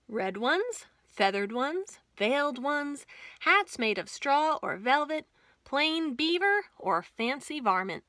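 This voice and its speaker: A woman librarian reads a cowboy picture book aloud to children, telling it in an expressive, folksy way. Her voice is high and bright, and she reads unhurriedly. The sound is close and dry. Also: takes it slowly, no room sound. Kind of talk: children's storytime reading.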